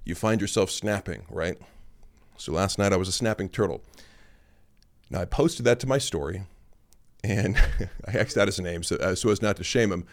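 A man's voice: low voice, normal speed, pauses often. A man around forty hosting a podcast, talking in a blunt, sarcastic and casual way, with offhand fillers. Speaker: podcast host and lifting coach. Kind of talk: casual monologue.

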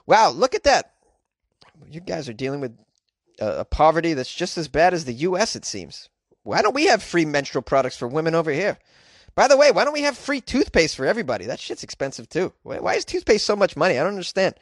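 Lively sarcastic man riffing on the news. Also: a little high, brisk, no echo, studio quality. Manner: sarcastic, rambling, swears casually. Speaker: podcast host. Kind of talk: casual news commentary.

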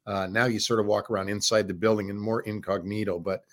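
Older male guest, lowish voice, frank and plainspoken, halting fillers. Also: level tone. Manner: frank and plainspoken, with frequent uh and um hesitations. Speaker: former hockey general manager, guest. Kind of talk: interview answers.

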